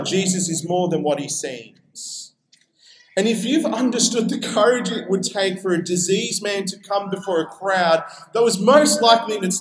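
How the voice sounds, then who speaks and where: A man's voice: high-pitched, fairly bright tone, reverberant, rough recording. A man with an Australian accent preaching a sermon in a conversational way, acting out quoted voices as he goes. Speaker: pastor.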